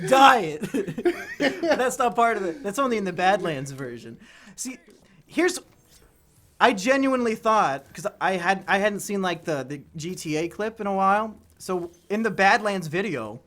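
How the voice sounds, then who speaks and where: A man with a high, bright voice chats casually with a friend during a video game. He tells stories with big swings of pitch, breaking into shouted impressions and laughter. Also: moderate pace. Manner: animated storyteller, bursts into shouted impressions and laughter. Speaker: let's play co-host. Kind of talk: casual chat while playing a game.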